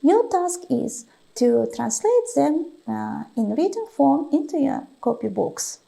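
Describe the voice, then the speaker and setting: Woman teacher, slow careful english lesson, high lively voice, dark gravelly tone. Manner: slow, deliberate, stretches example words, frequent "uh" pauses. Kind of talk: classroom lesson, dictating vocabulary and explaining grammar.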